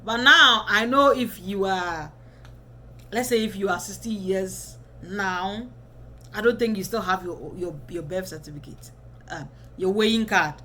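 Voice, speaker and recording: A woman's voice: mid-range voice, unhurried, bright, forceful tone, a little hiss or hum. A woman in her twenties giving casual advice to camera as a vlogger, chatty and often checking in with the viewer. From Ghana.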